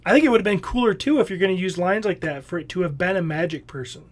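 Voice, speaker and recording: A measured man co-hosting a casual podcast. He weighs his opinions as he speaks and thinks aloud before he reaches a critical point. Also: high voice. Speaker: podcast co-host. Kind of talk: casual chat.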